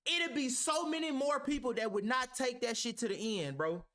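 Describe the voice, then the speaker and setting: A man's voice: very high-pitched, lively intonation, normal speed, pushed and bright. A man reacting to a clip, heated and argumentative, talking with heavy profanity. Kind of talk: ranting reaction commentary.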